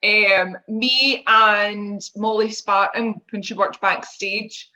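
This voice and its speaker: A woman's voice: medium pitch, steady tone, takes it slowly, sharp tone, poor audio. A woman guest on a podcast who chats enthusiastically and giggles often. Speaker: guest, presenter and performer. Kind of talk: casual chat.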